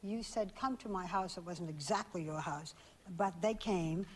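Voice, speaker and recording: A woman on a TV show reading chat logs aloud and questioning someone in a calm, measured, probing way. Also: on the low side, slight background noise. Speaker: TV interviewer.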